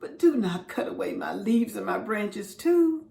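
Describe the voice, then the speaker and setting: A woman's voice: on the high side, takes it slowly, warm tone, roomy sound. Woman voicing Bamboo, a stammering, devoted plant. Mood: pleading. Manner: stammering, pleading. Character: tall proud bamboo plant, male, devoted and fearful.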